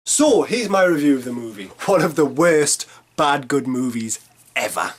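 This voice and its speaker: A man's voice: mid-range voice, sing-song, moderate pace, slight background noise. A man in his thirties reading a scripted film review, with sarcastic, punchy jokey asides. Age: 30s.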